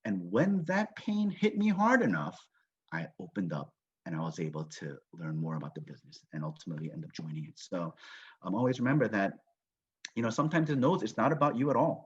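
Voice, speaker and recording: A man's voice: on the low side, animated, a little fast, slightly rough. A man giving a motivational business training talk on a video call, telling a story and acting out what people say. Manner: storytelling with acted-out quotes. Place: home, Las Vegas. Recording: dull lo-fi call audio.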